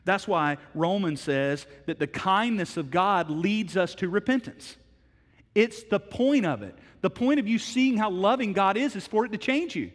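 A middle-aged man preaching a sermon as pastor, telling a story with swings from hushed words to loud, emphatic ones. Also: sits high, normal speed, in a large hall.

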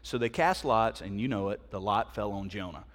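A man's voice: lowish voice, moderate pace. A middle-aged man preaching a sermon, emphatic and conversational, often asking the listeners direct questions. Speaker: pastor. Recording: long hall reverb.

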